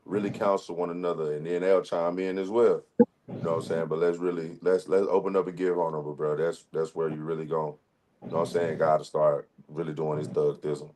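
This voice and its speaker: A man's voice: low-pitched, little pitch movement, brisk, darkish tone, a little hiss or hum. A man in his thirties co-hosting a casual chat, talking in a loose, slangy, rambling way and sounding sleepy. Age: 30s. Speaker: co-host.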